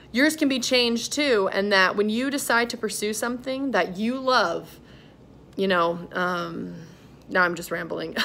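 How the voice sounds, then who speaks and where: A woman's voice: mid-range voice, fairly bright tone. A young woman vlogging at home as an aspiring actress, chatting in an upbeat, rambling way and walking from room to room with the camera. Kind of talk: casual motivational vlog. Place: her home, walking between rooms.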